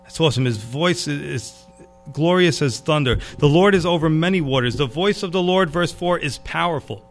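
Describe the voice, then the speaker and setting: A man preaching a sermon, animated and casual, dropping to a hushed tone for emphasis. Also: a little high, moderate pace. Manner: animated, drops to a hush for emphasis. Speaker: pastor.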